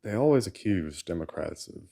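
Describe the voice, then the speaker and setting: A man's voice: low voice, expressive, normal speed, gravelly, dark tone. A man co-hosting a live political stream, lecturing in a sardonic way. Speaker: co-host. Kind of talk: casual live call-in chat.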